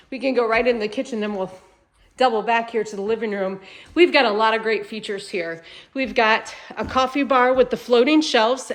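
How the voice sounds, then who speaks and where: Woman, slightly high voice, bubbly, chatty, home tour vlog. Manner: upbeat, chatty, enthusiastic. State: slightly congested from a cold. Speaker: manufactured home salesperson and channel host.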